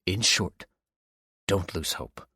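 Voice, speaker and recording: Audiobook role: a man doing a warm-hearted, wise father, gentle and earnest, low and dry. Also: slow, breathy edge, no echo, full character voice. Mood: tender. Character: loving, wise father comforting his grown son.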